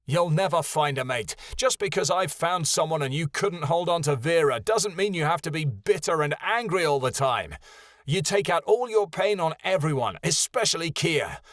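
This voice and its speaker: A man voicing a defiant, hot-tempered young man who argues and yells nastily. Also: a little high, animated, moderate pace, no room sound, studio quality, pitched above the performer's own voice. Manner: defiant, nasty, yelling.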